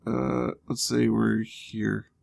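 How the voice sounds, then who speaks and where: A man with a gravelly, creaky voice talks through a video game in a loose, casual way. He thinks out loud and throws in dry little jokes as he goes. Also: on the low side, flat delivery, slow pace. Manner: thinking aloud, wry asides. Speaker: let's play host. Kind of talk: casual gameplay commentary.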